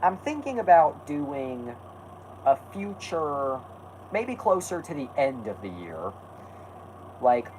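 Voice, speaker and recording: A man's voice: medium pitch, sing-song, slow, pauses often, noisy background. A man hosting a casual stream, rambling and correcting himself while answering chat. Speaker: host.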